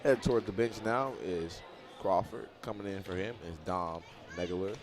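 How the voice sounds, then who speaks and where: A man's voice: low voice, moderate pace, crowd noise. Casual man calling college basketball. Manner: casual, chatty, bursts into loud excited calls on big plays. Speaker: play-by-play commentator.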